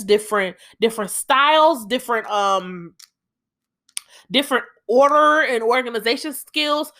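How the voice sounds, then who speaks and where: A woman's voice: high voice, bright, forceful tone. Heated, profane young woman podcast host. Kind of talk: solo podcast rant.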